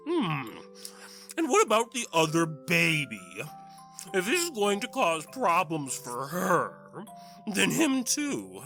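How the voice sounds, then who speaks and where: A man voicing a formal, measured stallion commander who teases dryly, in a fan audio drama. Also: sits high, huge pitch swings, pushed and bright, soft background music, full character voice.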